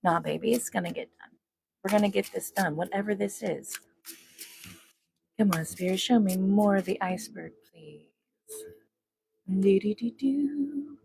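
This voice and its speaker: A woman's voice: mid-range voice, measured pace, vocal fry, long pauses, a little mellow, a little hiss or hum. A woman giving a casual tarot reading to her viewers, chatty and talking to spirit, humming as she works. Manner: chatty, talks to spirit and viewers, hums while shuffling. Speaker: tarot reader.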